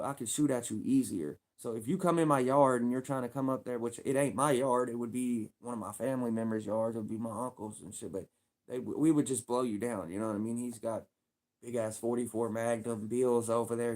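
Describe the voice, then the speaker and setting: A man's voice: medium pitch, steady tone, brisk, darkish tone. Rambling streetwise Kentucky man livestreaming. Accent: Louisville, Kentucky. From Louisville, Kentucky. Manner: rambling, repetitive, streetwise slang. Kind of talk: casual livestream chat.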